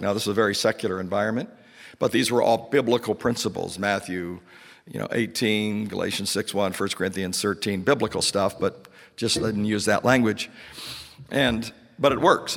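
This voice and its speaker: A man giving earnest spiritual teaching, telling a story with animated retold dialogue and many restarts. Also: on the low side, gravelly, in a large hall. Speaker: Christian speaker and teacher.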